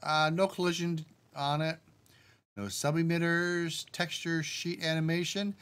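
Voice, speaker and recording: A man streaming live as a game developer, relaxed and thinking aloud as he talks himself through settings step by step and turns now and then to answer his chat. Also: fairly high pitch, a little slow, clean tone. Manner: addresses the chat directly.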